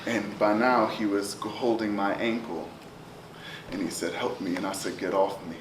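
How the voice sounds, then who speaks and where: A man's voice: lowish voice, fairly even intonation, moderate pace. Man performing spoken word, roomy and distant. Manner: rhythmic, chanting, swings from loud to hushed. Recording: roomy, distant live recording with noise.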